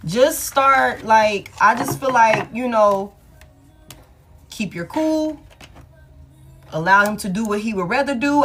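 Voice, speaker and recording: A woman's voice: mid-range voice, a bit bright. A woman giving a live tarot reading to a caller, talking casually and emphatically, repeating her points and swearing freely. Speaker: tarot reader.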